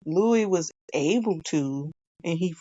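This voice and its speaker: A woman's voice: on the low side, expressive, takes it slowly, warm tone, dry recording, highs cut off. A woman, a guest on a casual TV review chat, chatty and laughing as she acts out quotes. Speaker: podcast guest.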